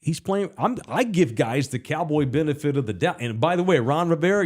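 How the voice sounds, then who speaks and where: Animated man in casual sports banter. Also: fairly high pitch, fairly quick, hardly any pauses. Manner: animated, jokey, swings loud and soft. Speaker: podcast co-host.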